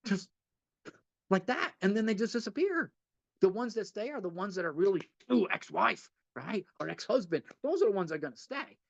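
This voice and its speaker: A man's voice: high voice, expressive, brisk, creaky, dry recording, muffled recording. A man leading a twelve-step study session in an informal teaching style, earnest and repetitive, often checking in with a rhetorical "right?". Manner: earnest, repeats points, asks rhetorical "right?".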